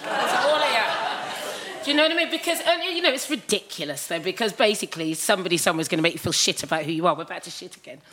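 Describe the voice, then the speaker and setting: A woman's voice: on the low side, expressive, fast, a loud crowd, very noisy. A woman from England telling a bawdy comic story to a live audience, acting out the other people in it. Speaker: panel guest. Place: historic house, live show.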